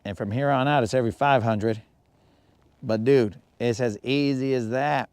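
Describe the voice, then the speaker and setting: A man's voice: mid-range voice, normal speed, darkish tone, clear, resonant tone, dry recording. A man hosting a live fishing stream from his boat, chatting casually and slangily with viewers. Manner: laid-back, slangy, talks to chat viewers. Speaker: fishing livestream host. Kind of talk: casual livestream chat.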